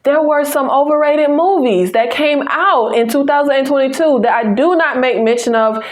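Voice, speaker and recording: A Southern American woman with a fairly high voice talks straight to her viewers about movies. She is chatty and sassy, full of teasing asides as she reviews each film for her channel. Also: moderate pace. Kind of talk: casual movie review to camera.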